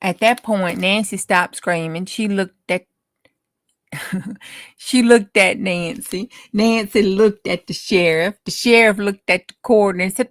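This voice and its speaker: A woman's voice: medium pitch, a little slow, dry recording. A woman telling a folksy story in a dramatic, chatty way. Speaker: craft vlogger.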